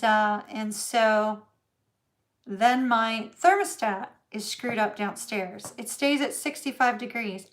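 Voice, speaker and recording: Chatty middle-aged woman. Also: fairly high pitch. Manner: chatty, laughs often, many fillers. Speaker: tarot reader host. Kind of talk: casual livestream storytelling.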